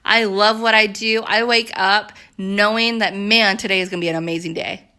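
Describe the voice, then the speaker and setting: A young woman talking casually to her viewers in an excitable, chatty way, full of "like" and "you guys". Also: mid-range voice, moderate pace, clean tone. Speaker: network marketing vlogger. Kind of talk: casual direct-to-camera pitch.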